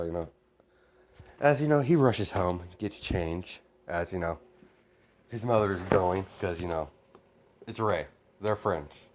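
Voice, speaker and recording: A man improvising a spoken fan story, rambling with constant fillers and restarts. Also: low voice.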